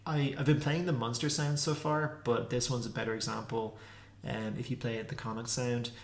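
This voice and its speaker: A man teaching a casual pronunciation lesson, repeating consonant sounds slowly to demonstrate them. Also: medium pitch, flat delivery. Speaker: language teacher. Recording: echoey room.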